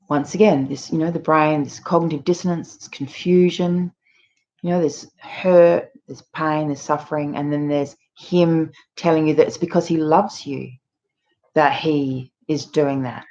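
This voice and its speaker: A woman with a low-pitched, somewhat mellow voice talks to camera on her channel about abuse. She explains earnestly with frequent fillers, and the audio is muffled and lo-fi.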